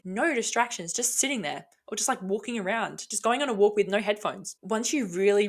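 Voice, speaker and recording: A woman hosting a casual solo podcast, rambling bluntly with frequent swearing and lots of enthusiasm. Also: mid-range voice. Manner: enthusiastic and self-talking. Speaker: podcast host.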